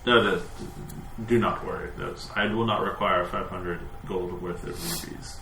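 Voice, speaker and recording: A man's voice: low voice, fairly even intonation, moderate pace, bright, forceful tone, a little hiss or hum, pitched below the performer's own voice. A man voicing a wary male temple priest who haggles for a donation, in a tabletop game recorded in a roomy space. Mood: bargaining.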